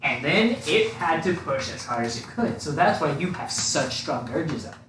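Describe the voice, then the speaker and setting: A man's voice: a little high, sing-song, moderate pace. A young man chatting casually while baking in a home kitchen, rambling and restarting his sentences in a playful way. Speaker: co-host of baking video. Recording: echoey room, from far off mic, faint noise.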